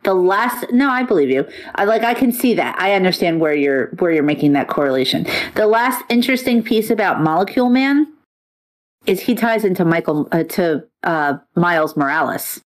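A woman in casual chat about comics and superhero films, excitable and talkative, swearing freely. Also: on the low side, normal speed.

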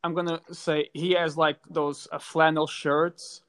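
Man, casual chat, hesitant, playful, slightly high voice. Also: flat delivery, unhurried, fairly bright tone. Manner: hesitant, many fillers and restarts, playful.

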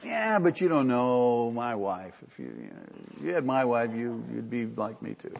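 A man's voice: mid-range voice, huge pitch swings, moderate pace, creaky, slight background noise. A man voicing a complaining, defensive churchgoer full of excuses, within a sermon. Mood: whiny. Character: whiny excuse-making male churchgoer.

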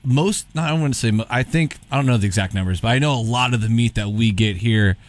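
Relaxed, jokey male podcast host. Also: mid-range voice, quick pace. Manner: relaxed, jokey, asks follow-up questions. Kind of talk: casual chat.

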